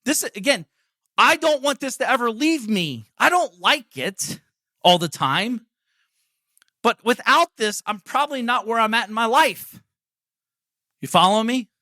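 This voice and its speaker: A man's voice: very high voice, lively intonation, a little slow, long pauses, bright, forceful tone, no echo, clean studio sound. Blunt, profane motivational man. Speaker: podcast host. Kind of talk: motivational monologue.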